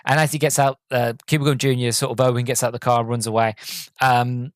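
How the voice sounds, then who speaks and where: Rambling podcast host. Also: male voice, mid-range voice, little pitch movement, quick pace, dry recording, studio quality. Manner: rambling, enthusiastic, many restarts. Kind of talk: casual movie review.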